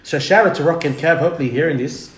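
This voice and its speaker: A man hosting a casual podcast chat, laid-back and chatty, giving shout-outs. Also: on the high side, very fast. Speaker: podcast host. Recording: roomy room with faint noise.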